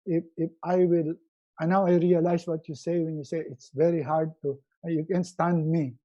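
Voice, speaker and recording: A middle-aged man, giving a live motivational webinar talk as a resiliency coach, animated and acting out little quoted scenes. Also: fairly high pitch, normal speed, highs cut off.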